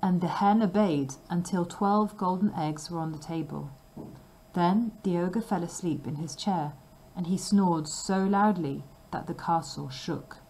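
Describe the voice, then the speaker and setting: Slow, careful woman reading a story. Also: lowish voice, darkish tone, a little hiss or hum, poor audio. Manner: slow, careful and clearly paced. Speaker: storybook reader.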